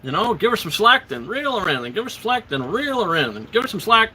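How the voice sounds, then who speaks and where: A man's voice: sits high, sing-song, fast, bright, forceful tone, a little hiss or hum, voice pushed up, heavily acted, poor audio. A man putting on the voice of a teasing male stone gargoyle who gives stumbling, repetitive advice.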